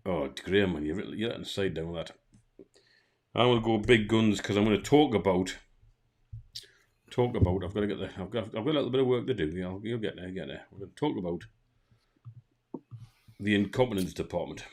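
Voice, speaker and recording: A Geordie man with a lowish, darkish voice co-hosts a casual streamed chat, speaking fairly quickly but with long pauses. He rambles through a long anecdote, acting out both sides of a phone call and often restarting his sentences.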